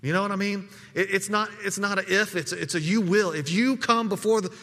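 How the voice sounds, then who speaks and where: A man's voice: sits high, steady tone, fairly quick, bright, forceful tone, big-room sound. A man preaching a sermon in a conversational way, often repeating words as he restarts his sentences. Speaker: pastor.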